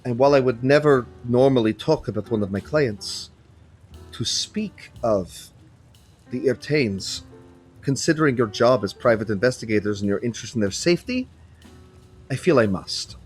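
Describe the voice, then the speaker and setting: A man voicing a suave male minotaur who speaks softly and earnestly in a soft fictional Dromish accent, in a tabletop game. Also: medium pitch, expressive, moderate pace, breathy edge, soft background music.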